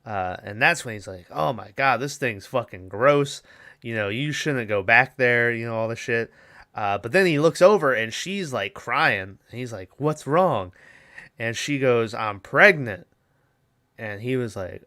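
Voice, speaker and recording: A man's voice: mid-range voice, expressive, measured pace, pushed and bright. A young man co-hosting a podcast, casually recapping a movie in a rambling, profane way and acting out its lines. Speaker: podcast co-host.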